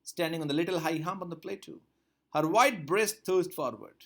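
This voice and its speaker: A man's voice: a little high, moderate pace, creaky, a bit bright. A man teaching a textbook story, reading each line aloud and then repeating and explaining it. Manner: reads a line, then repeats and paraphrases it with rising emphasis. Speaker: English teacher.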